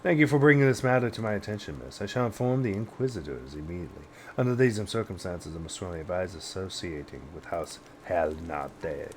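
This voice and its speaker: A man's voice: sits low, a little hiss or hum, natural voice. A man reading as a stern pious official. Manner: formal, stiff, quick reading.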